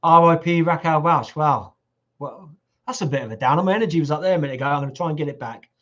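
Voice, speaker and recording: A middle-aged man, hosting a casual live Q&A, reading out viewer comments and teasing them with jokes. His voice is starting to go hoarse. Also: a little high, quick pace, fairly bright tone. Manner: jokey, teasing, chatty. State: voice going hoarse. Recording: lo-fi livestream audio.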